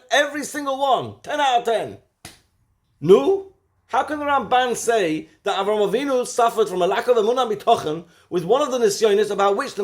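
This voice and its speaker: Brit guy teaching a weekly torah lesson, lively, loud then quiet, lots of questions. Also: very high-pitched. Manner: animated, rhetorical questions, shifts from loud to hushed.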